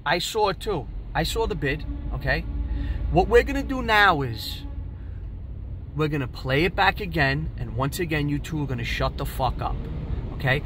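A man in his forties, the host of his own show, tells a story with constant swearing and heavy emphasis. His voice sits high for a man and sounds bright and forceful, with faint noise in the background. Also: low-quality recording. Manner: profane, animated, emphatic. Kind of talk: casual storytelling.

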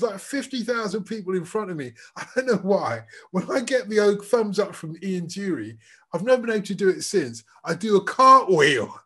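A man, a podcast co-host chatting casually and telling lively anecdotes. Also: high voice. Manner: animated anecdotal storyteller, restarts sentences. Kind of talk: casual chat.

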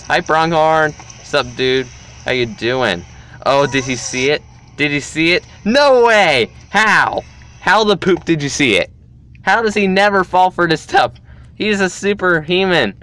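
Bright-voiced excitable young gaming man. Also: medium pitch, smooth. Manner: excitable, chatty, bursts into loud shouts. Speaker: gaming YouTuber. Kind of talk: game commentary.

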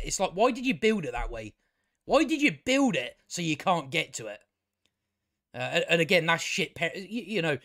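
A fairly high-voiced man ranting casually about something that irritates him, sarcastic and exasperated, with plenty of swearing and false starts. The sound is dry and close, with no room echo. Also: fairly bright tone. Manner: exasperated, sarcastic, swears a lot, many restarts. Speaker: video reviewer. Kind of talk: casual rambling review.

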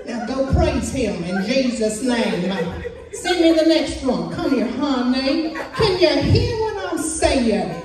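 A woman voicing a boisterous male faith healer casting out spirits, loud and commanding, in an echoey hall heard from a distance. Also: high-pitched, big pitch swings, takes it slowly, a crowd in the background, voice pushed up, full character voice. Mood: exuberant.

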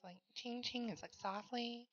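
A woman's voice: a little high, moderate pace, fairly bright tone, no room sound, muffled recording. A woman chatting casually and playfully, explaining things with a lot of "like.". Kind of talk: casual chat.

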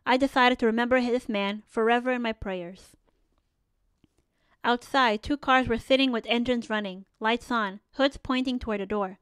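A woman narrating a first-person memoir audiobook in an earnest, measured storytelling manner, close to a studio mic. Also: on the high side, a bit bright, clear, resonant tone, dry recording.

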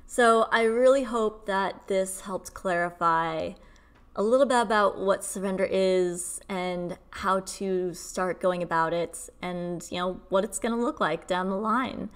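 A woman's voice: mid-range voice, unhurried. A young adult woman giving a casual spiritual teaching to camera, chatty with frequent fillers. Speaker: spiritual healing coach.

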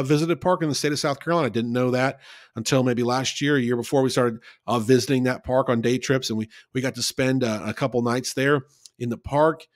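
A man's voice: mid-range voice, dry recording, studio quality. A man giving a conversational Bible study, talking in an earnest, folksy way and repeating points for emphasis.

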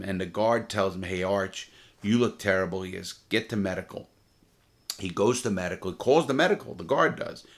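A middle-aged man, a former prisoner, telling his story in a blunt, profane, emphatic way, repeating phrases for weight. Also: fairly low pitch. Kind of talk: casual storytelling monologue.

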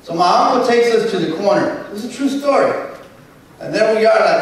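Animated high-voiced man in an echoing hall. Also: normal speed. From Southern California. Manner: storytelling, animated, acts out dialogue with a Spanish switch. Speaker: keynote speaker. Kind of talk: motivational keynote speech. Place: large convention hall. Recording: echoey hall from far off, faint noise.

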